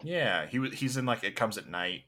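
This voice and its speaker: A man's voice: lowish voice, expressive, normal speed, sharp tone. A man co-hosting a podcast, chatting casually about films with lots of fillers and restarts. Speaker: podcast co-host. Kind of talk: casual movie chat.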